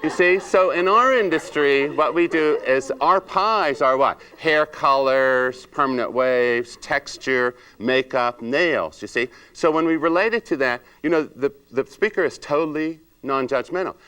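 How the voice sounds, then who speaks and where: Animated male seminar trainer. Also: on the high side, measured pace, few pauses, clean tone. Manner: animated, acts out client chats in raised voice; asks the room rhetorical questions. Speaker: salon industry trainer.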